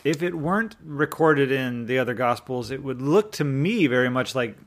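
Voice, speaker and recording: A man's voice: medium pitch, lively intonation, moderate pace. A man in a casual scripture discussion, thinking aloud about the wording of a passage. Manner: thoughtful, reasons aloud over the wording with restarts.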